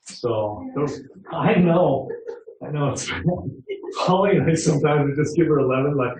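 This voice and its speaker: A middle-aged man runs a customer service workshop in a training room, conversing with the audience and asking them questions. His slightly high, darkish voice is unhurried, and the distant mic picks up a roomy echo.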